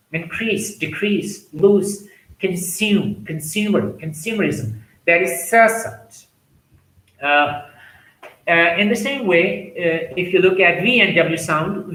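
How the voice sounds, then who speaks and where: A man teaching English pronunciation, slowly repeating example words one by one. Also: sits high, sharp tone, echoey room, rough recording. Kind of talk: pronunciation lesson.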